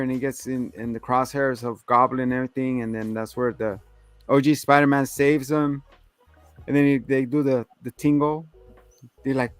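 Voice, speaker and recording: A man's voice: medium pitch, fairly even intonation, moderate pace, fairly bright tone, smooth, no echo, soft background music. A man co-hosting a casual movie review chat, rambling through a plot recap with filler words and swearing. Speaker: podcast co-host.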